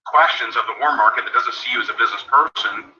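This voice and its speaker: A man giving a sales training talk, coaching listeners and acting out sample phone calls in quick asides. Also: mid-range voice, pushed and bright. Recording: tinny phone line, echoey and distant.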